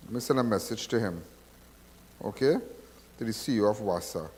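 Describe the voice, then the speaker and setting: A man's voice: on the low side, a little fast, darkish tone, in a large hall. A man with a Trinidadian accent hosting a call-in show, talking in a rambling, repetitive, preachy way. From Trinidad and Tobago. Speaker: radio call-in show host. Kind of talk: casual call-in talk.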